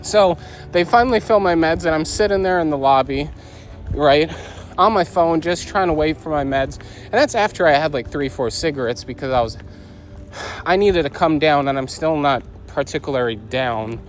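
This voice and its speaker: A man's voice: fairly high pitch, moderate pace, soft background music, poor audio. A man telling a story as a vlog host, agitated and venting, often quoting people in a raised voice. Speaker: podcast host. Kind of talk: casual angry storytelling vlog.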